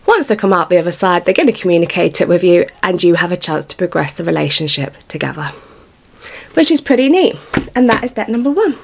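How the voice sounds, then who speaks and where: A woman's voice: fairly low pitch, sing-song, fast, gravelly, a little hiss or hum. A British woman talks through a tarot reading in a casual, chatty way, reassuring her viewers as she goes. She sounds a little out of breath throughout, her pregnancy pressing on her lungs. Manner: chatty, reassuring, informal with occasional swearing. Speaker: tarot reader.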